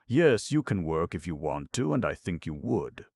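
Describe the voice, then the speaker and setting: A man's voice: low-pitched, big pitch swings, moderate pace, a little mellow, breathy edge, dry recording, studio quality, full character voice. A man reading an audiobook, voicing a courteous and firm male ship captain who speaks politely and directly. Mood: frank.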